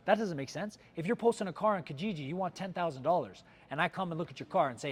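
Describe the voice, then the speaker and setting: Sales manager guy pumping up his team, kinda high voice, lots of "right?" and "like". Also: racing. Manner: energetic, coaching, lots of "right?" and "like". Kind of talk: team sales training talk. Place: car dealership.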